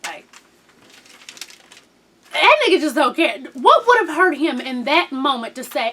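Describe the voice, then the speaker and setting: A high-voiced woman, her pitch swinging widely as she chats. She recaps a reality show casually and with plenty of swearing, acting out the lines of the people she talks about. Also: a little slow, long pauses. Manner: animated and profane, mimics people in quotes.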